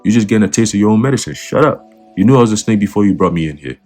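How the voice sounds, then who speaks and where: A man's voice: on the low side, animated, racing, darkish tone, faint music behind. A man putting on the voice of a smug, dismissive male politician, scornful and mocking. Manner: mocking, brushing off complaints.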